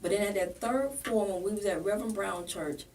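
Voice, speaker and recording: A woman's voice: medium pitch, brisk, a little mellow, recorded from a distance. A woman pastor and political candidate, telling a painful personal story in an interview in a plain-spoken, earnest way. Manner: plain-spoken, earnest, acts out remembered dialogue.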